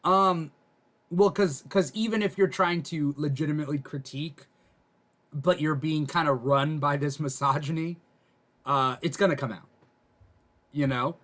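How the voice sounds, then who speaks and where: Higher-voiced man hosting an aftershow. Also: fairly even intonation, a bit bright. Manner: reads viewer comments aloud, halting restarts. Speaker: aftershow host. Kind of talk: casual panel discussion.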